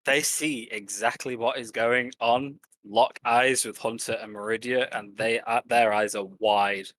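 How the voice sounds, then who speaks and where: A man at mid pitch narrates a fantasy game as its game master. His delivery is measured and descriptive. The recording is dry and close, with no room sound. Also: steady tone, fairly bright tone, no echo, rough recording.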